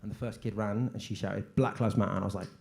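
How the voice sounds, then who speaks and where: A man performing a stand-up comedy set on stage, telling stories flatly with sudden shouted lines. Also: lowish voice, fast, gravelly. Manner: deadpan storytelling with sudden shouted punchlines.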